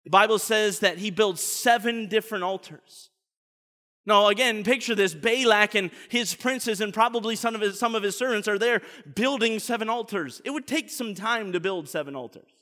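A man preaching a sermon as the pastor, telling the story in an animated way and tripping over repeated words. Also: sits high, normal speed, long reverb tail.

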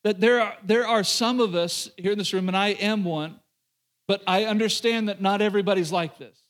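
A pastor with a fairly high voice preaches to his congregation. He talks in a conversational way, throws in joking asides, and often repeats phrases and restarts his sentences as he goes. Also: moderate pace, fairly bright tone. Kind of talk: sermon.

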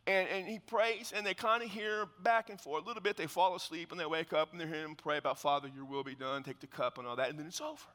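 Pastor, male, high bright voice, animated storyteller who acts out the scenes, preaching in a long-reverb church hall. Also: quick pace, hardly any pauses. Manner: drops to hushed tones for solemn points. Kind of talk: sermon.

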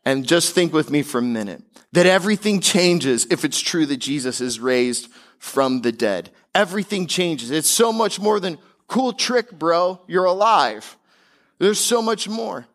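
Male pastor, sermon delivery, emphatic yet casual, higher-pitched voice. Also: lively intonation. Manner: emphatic preaching with casual asides; slows and climbs in pitch on key declarations.

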